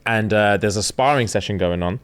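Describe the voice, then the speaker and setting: A man's voice: on the low side, fairly quick, clean tone. A man recapping a book on a podcast in casual slang, putting on the characters' lines as he tells it. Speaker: podcast co-host.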